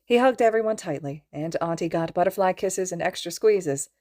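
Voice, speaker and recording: A woman reading a fan fiction audiobook aloud in a calm, even storytelling manner. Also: fairly low pitch, normal speed. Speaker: podfic reader.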